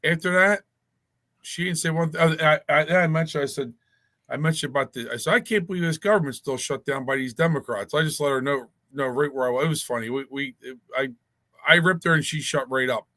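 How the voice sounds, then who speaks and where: A man's voice: on the high side, brisk, bright, forceful tone. A man telling a long, rambling story in casual chat, with many restarts.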